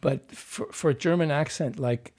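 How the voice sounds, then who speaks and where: A man's voice: fairly high pitch, normal speed, a little mellow. A man, a dialect coach, patiently explaining how accents work in an interview and sounding out examples.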